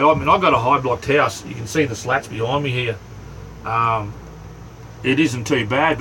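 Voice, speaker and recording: A middle-aged Australian man hosting a casual livestream from inside his small camper, rambling in a relaxed way and greeting viewers by name. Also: medium pitch, slight background noise, rough recording. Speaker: livestream host.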